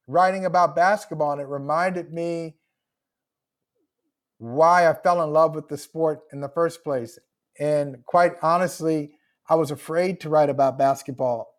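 Reflective author, a man with a higher voice. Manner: reflective, emotional, laughs often. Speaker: author guest. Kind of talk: podcast interview.

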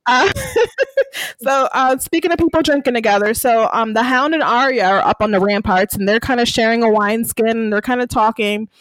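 A woman's voice: fairly high pitch, expressive, moderate pace, a bit bright, no echo, low-quality recording. A woman hosting a casual podcast, recapping an episode in a chatty storytelling way with lots of fillers and frequent laughter. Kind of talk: casual chat.

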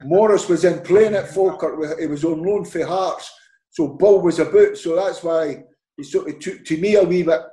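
Animated Scottish man telling stories. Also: a little high, moderate pace, echoey room. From Scotland. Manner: animated storyteller, acts out quoted dialogue, laughs often. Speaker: podcast guest, former footballer. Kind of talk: casual anecdote telling.

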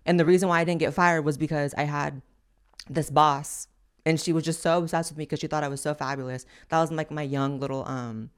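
A woman's voice: deep voice, steady tone, fairly quick, clean tone. A young adult woman hosting a podcast, giving blunt, crude and sassy commentary on social media clips. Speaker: podcast host.

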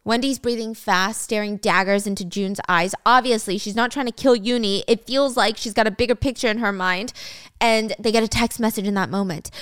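Brief: young woman storyteller, casual and wry, smooth dry voice. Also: medium pitch, fairly even intonation, a little fast, fairly bright tone, dry recording. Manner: chatty, wry asides.

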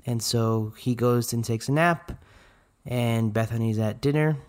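A man in his thirties, co-hosting a podcast, telling a family story in a relaxed, matter-of-fact way with dry asides. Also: medium pitch, measured pace. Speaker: podcast co-host. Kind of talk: casual storytelling.

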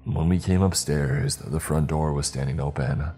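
A man reading as a grieving father in a wavering baritone. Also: husky, faint music behind. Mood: grief-stricken. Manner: slow, muttered, flat monotone. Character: grieving middle-aged father, broken and guarded.

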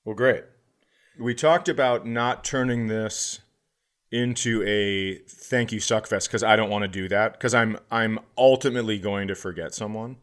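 A comedian co-hosting a podcast, telling a story in casual chat with many restarts and sudden bursts of excitement. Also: male voice, on the low side, measured pace.

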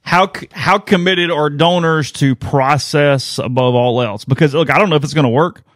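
A man co-hosting a sports podcast in casual talk, with quick blunt remarks and short asides of agreement. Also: fairly high pitch, a bit bright, no echo, studio quality. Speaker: podcast co-host.

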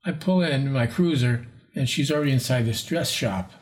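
In an interview, a paranormal investigator in his sixties tells a rambling story in a mid-range voice at normal speed, acting out the voices of people he quotes.

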